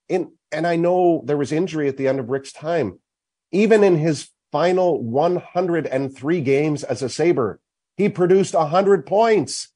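A man's voice: fairly high pitch, dark tone. A man hosting sports talk at a golf charity event, making an emphatic case point by point. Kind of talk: opinionated hockey talk.

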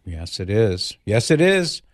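A man hosting a call-in radio show, chatting gently with callers and leading a prayer. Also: on the low side, very animated, takes it slowly, no echo, clean studio sound.

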